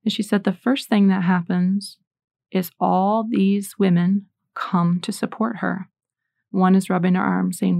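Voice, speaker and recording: A woman's voice: medium pitch, flat delivery, normal speed, vocal fry, darkish tone, no room sound. A woman in her forties giving a Catholic faith talk, telling personal stories in an earnest way and reading scripture aloud. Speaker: Catholic speaker.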